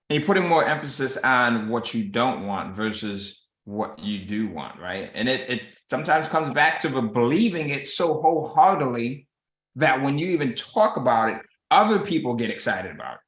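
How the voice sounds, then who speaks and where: A man's voice: fairly high pitch, animated, normal speed, fairly bright tone. Host, male, casual motivational chat over a call, recorded with roomy echo. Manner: coaching tone, acts out quoted voices, says "right?" often. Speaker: host of a publishing business call.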